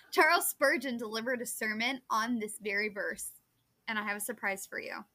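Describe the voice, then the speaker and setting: A woman's voice: on the high side, unhurried, bright, forceful tone, no room sound. A woman co-hosting a women's Bible podcast in casual chat, laughing easily and rattling off scripture references. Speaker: podcast co-host.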